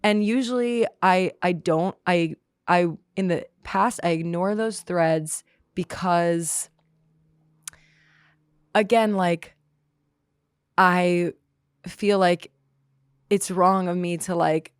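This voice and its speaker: A woman guest on a podcast talking candidly and reflectively, pausing often and saying "like" a lot. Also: on the low side, steady tone, smooth, dry recording, clean studio sound. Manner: reflective, halting, heavy use of "like". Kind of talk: candid conversational interview.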